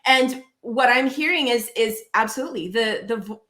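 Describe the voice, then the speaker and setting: A woman podcast host speaks in a fairly high voice. She muses aloud, affirms her guest and ties ideas together in an easy conversational flow. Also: animated, moderate pace, pushed and bright. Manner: reflective, affirming, thinking aloud. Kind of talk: interview conversation.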